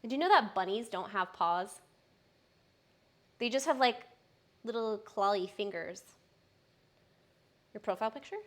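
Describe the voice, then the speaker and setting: A woman's voice: medium pitch, expressive, unhurried, long pauses, fairly bright tone. A young adult woman, a personal trainer, chatting casually and upbeat on a live stream, with frequent fillers.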